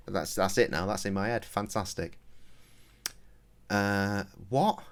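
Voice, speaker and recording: A man's voice: sits low, animated, a little slow. A young man streaming a video game, rambling and swearing in a self-mocking, casual way. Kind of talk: casual gameplay commentary.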